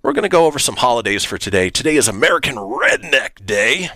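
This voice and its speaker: A man's voice: mid-range voice, very animated, quick pace, pushed and bright, dry recording. A man hosting a radio show, reading history items in an easygoing way and chatting casually. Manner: easygoing, reads history items with light jokes.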